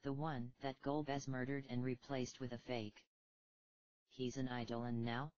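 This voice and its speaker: A woman plays an exhausted young prince in a storybook, slow and halting, in her own low voice. The sound is dry and a little muffled. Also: little pitch movement, a little mellow, dry recording. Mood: stunned. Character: young prince, shaken and strained.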